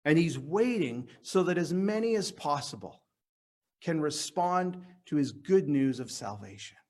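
High-voiced preacher man. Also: animated, a little mellow. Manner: earnest, teaching, stresses words slowly. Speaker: pastor. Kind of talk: sermon. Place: church service on a live stream.

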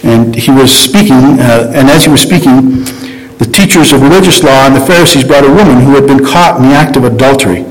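A man's voice: medium pitch, fairly quick, long reverb tail, low-quality recording. A man giving an informal Bible teaching, talking conversationally with frequent restarts and self-corrections.

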